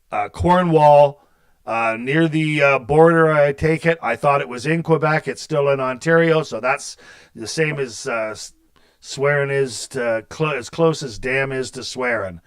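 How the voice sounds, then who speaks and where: A man's voice: mid-range voice, clear, resonant tone. A man hosting a metal radio show, chatting loosely and rambling, with a lot of swearing. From Canada. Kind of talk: casual metal radio chat.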